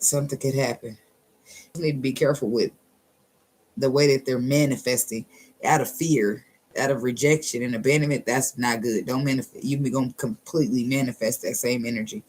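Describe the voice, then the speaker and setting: Bass-voiced and a bit mellow, a woman gives a casual tarot reading over slight background noise. She's blunt, sassy, and profane, laughs frequently, and stretches out some phrases slowly to make a point.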